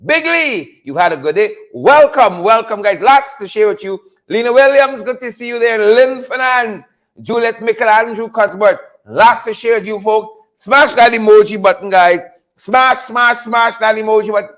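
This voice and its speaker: Animated high-voiced man hosting. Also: moderate pace. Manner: animated, repetitive, laughs often, greets viewers by name. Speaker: livestream host. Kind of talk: casual livestream commentary.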